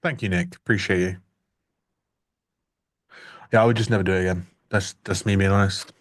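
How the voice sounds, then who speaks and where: A man's voice: low-pitched, steady tone, moderate pace. A young man co-hosting a live trading stream, chatting casually and jokingly, often restarting his sentences. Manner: joking, rambling, self-interrupting. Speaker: livestream trading co-host.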